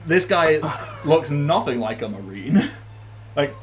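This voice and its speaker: A man's voice: a little high, big pitch swings, unhurried. A man narrating as game master of a tabletop game, rambling with many fillers and restarts.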